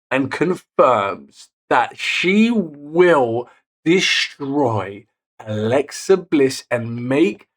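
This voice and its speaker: A man recapping a wrestling show in casual narration, getting excited on the big moments and correcting himself as he goes. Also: mid-range voice. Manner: self-correcting, picks words as he goes.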